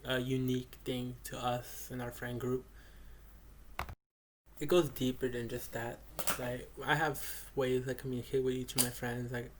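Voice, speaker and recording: A young man giving a casual spoken reflection, rambling with many fillers and restarts. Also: mid-range voice. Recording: faint background noise.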